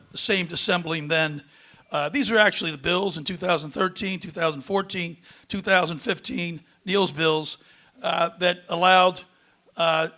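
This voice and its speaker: Emphatic man, high voice, debate answers. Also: sharp tone. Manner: earnest, emphatic, many uh fillers. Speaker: congressional candidate.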